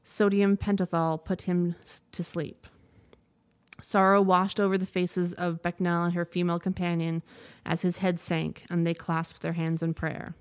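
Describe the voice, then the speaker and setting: A woman reads a news report aloud in a resonant, slightly low voice. Her delivery is measured and even, and she sometimes stops briefly to correct a word before carrying on. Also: clean tone. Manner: measured, steady reading with occasional self-corrections. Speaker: news reader.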